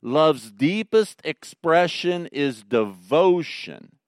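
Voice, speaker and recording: A middle-aged man preaching a sermon, swinging between loud emphatic lines and quiet tender ones. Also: fairly high pitch, animated, slow, no room sound, clean studio sound. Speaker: pastor.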